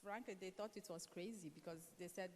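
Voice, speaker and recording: A determined woman panelist speaks in a slightly low voice. A faint hiss sits under her words, and the long reverb of the hall carries them. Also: brisk, darkish tone. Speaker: panelist, entrepreneur. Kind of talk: panel answer.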